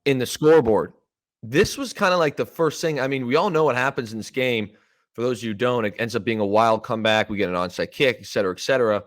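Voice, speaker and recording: A mid-pitched man in his thirties from Canada hosts a casual sports podcast. He tells stories in an animated way, jumping into quoted lines and swearing casually. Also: quick pace. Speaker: podcast host, former player.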